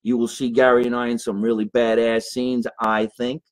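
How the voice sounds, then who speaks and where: A man's voice: medium pitch, level tone, moderate pace. A man hosting a podcast from a basement, chatting and joking with a guest. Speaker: podcast host. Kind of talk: casual chat. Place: basement in New Jersey.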